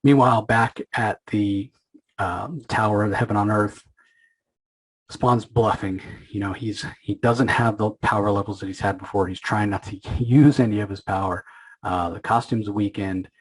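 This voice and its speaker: A man with a slightly low, husky voice talks through a comic issue in a loose, conversational way. He keeps stopping to restart his sentences and drops in little acted-out lines from the characters as he goes. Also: steady tone, rough recording. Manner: retells scenes with quick acted quotes, many fillers and restarts. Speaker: comic book podcast host. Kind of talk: casual recap and commentary.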